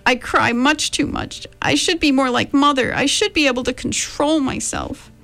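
A woman's voice: mid-range voice, very animated, moderate pace, fairly bright tone, faint music behind, pitched above the performer's own voice. A woman reading a story aloud, voicing an unhappy teenage girl who talks in a trembling voice choked with tears. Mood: tearful. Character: unhappy awkward teenage girl, tearful and self-critical.

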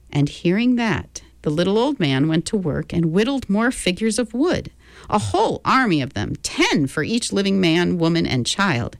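A woman's voice: on the low side, sing-song, moderate pace, no room sound. A woman reading a storybook aloud, giving each character their own voice.

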